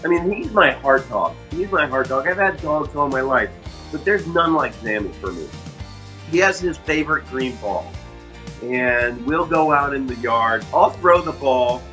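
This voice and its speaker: A man's voice: mid-range voice, animated, measured pace, bright, forceful tone, faint music behind. A middle-aged man telling heartfelt personal stories about his dog, earnestly repeating key phrases for emphasis. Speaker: dog owner and vlogger.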